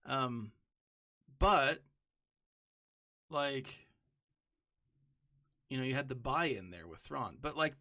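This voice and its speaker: Chatty, bright-voiced male streamer. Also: medium pitch, lively intonation, extremely slow, long pauses. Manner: rambling, chatty, bursts into loud greetings and hums to himself. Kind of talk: casual live-stream chat while gaming.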